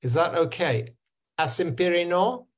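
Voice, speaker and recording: A man's voice: high voice, expressive, unhurried. A man with an English accent from England, patiently teaching pronunciation to educators on a video call, repeating words to model them. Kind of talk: online pronunciation lesson.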